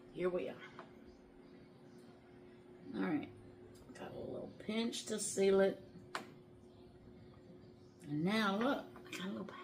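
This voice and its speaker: A woman's voice: lowish voice, background noise. Chatty woman cooking at home. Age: middle-aged. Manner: chatty and folksy, addresses viewers as y'all, laughs often. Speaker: home cooking show host. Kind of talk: casual cooking vlog chat. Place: home kitchen.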